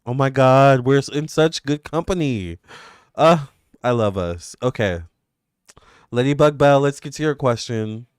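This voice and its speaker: A man, hosting live tarot readings and chatting excitedly with viewers. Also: medium pitch, clean tone, dry recording, clean studio sound. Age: 30s. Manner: excitable and gushing, quick swings between squeals and murmurs. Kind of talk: casual livestream chat with viewers.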